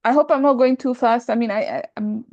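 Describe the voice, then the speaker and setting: A woman's voice: a little high, brisk, a little mellow, no echo, highs cut off. A woman teaching Arabic grammar, explaining patiently and checking in with her students. She switches between English and Arabic terms and repeats them often. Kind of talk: lecture on Arabic sentence parsing.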